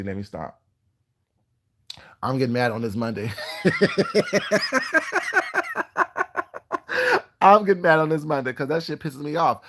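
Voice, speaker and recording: A man ranting heatedly to camera while recapping reality TV, cursing often and repeating himself. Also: medium pitch. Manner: profane, repetitive, animated ranting with frequent "you know what I'm saying". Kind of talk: heated casual rant to camera.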